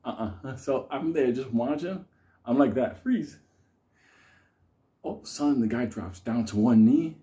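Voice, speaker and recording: A man's voice: mid-range voice, normal speed, dark tone. A man telling a rambling, profane story in a casual way, often breaking into laughter. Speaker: host.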